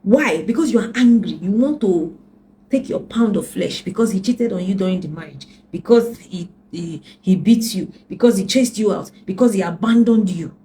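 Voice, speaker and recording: A woman's voice: mid-range voice, moderate pace, dark tone, slight background noise, poor audio. A middle-aged woman relationship coach giving earnest personal advice, repeating points with preacherly emphasis.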